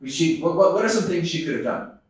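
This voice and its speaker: A man's voice: on the high side, expressive, a little fast. Man telling a story in an echoey hall. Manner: storytelling, earnest, with frequent laughs and restarts. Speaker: conference speaker. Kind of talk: conference talk to a live audience. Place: large conference hall. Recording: echoey hall, distant microphone.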